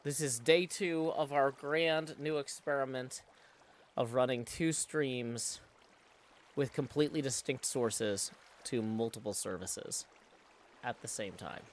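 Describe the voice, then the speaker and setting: A man's voice: mid-range voice, takes it slowly, slight background noise. A middle-aged man, chatting casually on a live stream from his home studio, reading chat aloud and humming to himself. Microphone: studio XLR mic.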